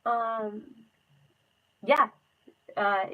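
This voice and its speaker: A woman's voice: mid-range voice, a little slow, narrow, tinny audio. A young woman chatting casually on a phone livestream, rambling with lots of fillers and frequent laughs. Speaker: livestream host.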